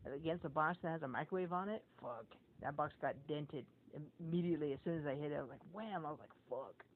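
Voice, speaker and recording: A podcast co-host with a fairly high voice and a quick pace tells rambling, profane stories in casual chat, acting out people's words. The audio is tinny and phone-like, with faint noise.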